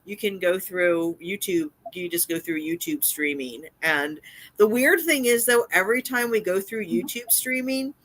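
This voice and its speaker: A woman's voice: fairly low pitch, moderate pace, fairly bright tone, dry recording. A woman co-hosting a casual live stream, chatting, explaining things and reading out viewer comments. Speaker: co-host.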